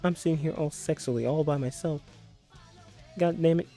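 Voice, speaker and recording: A man's voice: fairly high pitch, normal speed, dark tone, faint music behind. A young man streaming in a social VR game, joking crudely and laughing often in casual chat. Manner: giggly, joking, crude banter.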